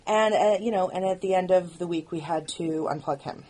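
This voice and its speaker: Woman, show writer-producer, commentary track; low, husky voice; candid, halting. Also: a little mellow. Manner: earnest, halting, frequent restarts.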